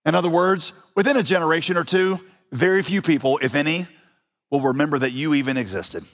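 A man's voice: fairly high pitch, brisk, long reverb tail. A man with an American accent preaching a sermon to his congregation in a conversational, humorous way, asking the listeners questions. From United States. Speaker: pastor. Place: church hall.

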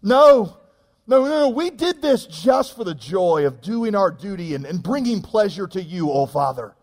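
A man putting on the voice of his overly pious little daughter, speaking in a high, prim tone. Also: big pitch swings, normal speed, darkish tone, in a large hall, heavily acted. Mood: mock-pious.

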